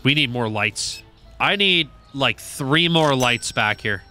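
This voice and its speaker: Lively, bright-voiced man playing a game. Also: medium pitch, takes it slowly, faint music behind. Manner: animated, joking, swears and talks to game characters. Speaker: gaming video creator. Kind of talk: casual gameplay commentary.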